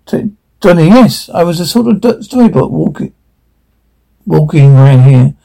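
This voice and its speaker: A man reading the part of a shaken, earnest young woman officer, halting as he reads. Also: fairly high pitch, animated, creaky, dark tone, rough recording.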